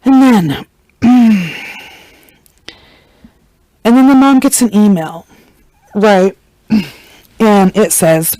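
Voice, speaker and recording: A woman's voice: mid-range voice, takes it slowly, pauses often, a little mellow, no room sound, poor audio. A woman hosting a podcast, retelling a story in a chatty, slangy way and acting out the quotes. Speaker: podcast host. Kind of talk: casual true-crime storytelling.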